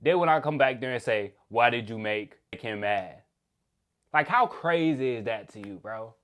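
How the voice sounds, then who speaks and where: Animated young man telling a story. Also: medium pitch, normal speed. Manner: animated, slangy, laughs while telling. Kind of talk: casual storytime monologue.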